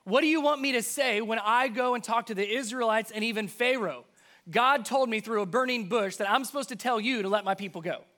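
A man's voice: extremely high pitch, brisk, pushed and bright, voice pushed up. A male preacher voicing a worried, reluctant man who doubts his mission, asking anxious, pleading questions. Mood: doubtful.

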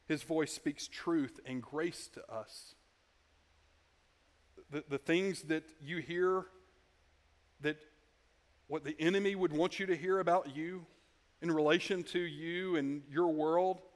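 A man preaching a sermon in a conversational way, often restarting his sentences and dropping into quiet asides. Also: a little high, fairly even intonation, takes it slowly, pauses often. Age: adult. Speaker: pastor.

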